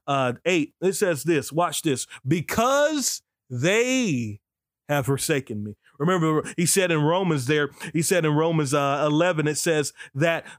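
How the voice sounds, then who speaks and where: A man preaching a podcast sermon in a preacher's cadence, breaking into sudden high whoops and exclamations. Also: normal speed, few pauses, dry recording, clean studio sound.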